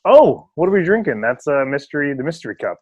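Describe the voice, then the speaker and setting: A man's voice: on the high side, big pitch swings, fast talker, a little mellow, no echo, muffled recording. A man co-hosting a casual remote podcast, bantering and teasing his partner. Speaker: podcast co-host. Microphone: remote call mic.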